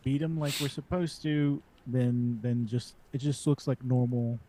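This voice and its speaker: Casting note: relaxed male co-host, mid-pitched, casual sports banter. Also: a little slow, no echo. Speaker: podcast co-host.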